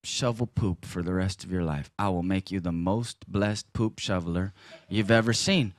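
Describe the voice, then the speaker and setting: A man voicing God's voice, low and firm. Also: normal speed, no echo, studio quality, natural voice. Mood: stern. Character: God speaking to a son, calm and firm.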